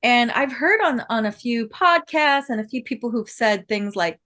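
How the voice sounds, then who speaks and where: Her voice is fairly high and sharp-toned, at normal speed with few pauses. She's a guest artist and builder chatting on a casual podcast, laughing a lot and starting her sentences over as she tells stories.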